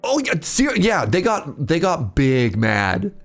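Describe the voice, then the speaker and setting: Lively chatty male streamer. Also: a little high, slow pace. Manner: chatty, laughs often, reads out chat names. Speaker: streamer playing an incremental game. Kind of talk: casual live-stream chat with viewers. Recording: faint game music underneath.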